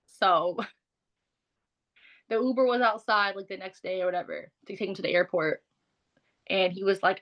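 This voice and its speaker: A woman's voice: mid-range voice, moderate pace, fairly bright tone, highs cut off. A woman speaking as an interview guest, telling a personal story in a frank, conversational way with lots of "like". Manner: frank, conversational, heavy use of "like".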